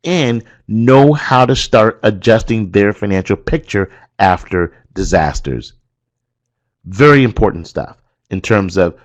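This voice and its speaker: Male trainer, lowish voice, methodical slide-by-slide coaching of instructors, leans on "okay" and "again". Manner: directive, walks through slides step by step; stresses key points, repeats phrases like "okay" and "again".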